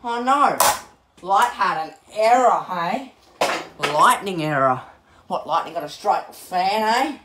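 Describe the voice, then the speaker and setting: A man's voice: high voice, lively intonation, measured pace, noisy background. Exasperated guy muttering at a fan. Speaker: channel host. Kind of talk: casual vlog commentary while smashing a fan. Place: small home studio room. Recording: echoey room, mic far off, loud clattering.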